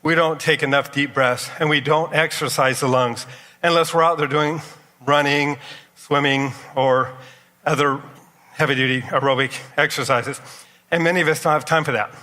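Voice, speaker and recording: A man's voice: on the high side, steady tone, normal speed, pushed and bright. A man giving a live demonstration talk at an expo, coaching volunteers through exercises with energy. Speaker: expo presenter. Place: large expo hall. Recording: echoey hall from a distance.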